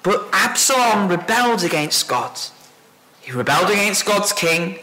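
Earnest preacher, bright and high. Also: male voice, sing-song, moderate pace. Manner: earnest, rising to emphatic insistence. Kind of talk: expository sermon. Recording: echoey room.

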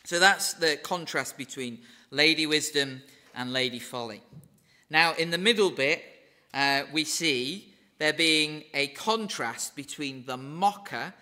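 Bright-voiced Northern English preacher. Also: male voice, on the high side, measured pace. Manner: earnest, conversational, with wry asides. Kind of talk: sermon.

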